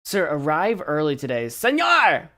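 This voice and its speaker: A man's voice: on the high side, very animated, normal speed. An American man streaming, chatting casually as he practices a language app, thinking aloud and second-guessing himself.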